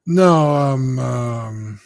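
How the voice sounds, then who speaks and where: Slow, gravelly-voiced man. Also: mid-range voice, no room sound, studio quality. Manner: slow, hesitant, searching for words. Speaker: podcast guest. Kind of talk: casual podcast chat.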